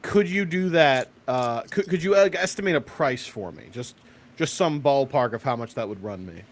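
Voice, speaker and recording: A man's voice: medium pitch, lively intonation, moderate pace. A man playing in a tabletop game, speaking hesitantly with many "uh"s. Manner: hesitant, full of uhs. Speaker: player.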